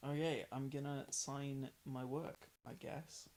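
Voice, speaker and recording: A young man from northern England hosts a late-night livestream, painting along while chatting casually and rambling, tired and self-deprecating, with frequent ums. His mid-range voice is flat, slow, and a little mellow. The rough recording has guitar music playing beneath his voice.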